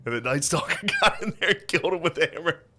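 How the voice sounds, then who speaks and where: A young man co-hosting a podcast in casual, comedic banter, laughing often and acting out voices in quick bits. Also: fairly high pitch, animated, noisy background. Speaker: podcast co-host.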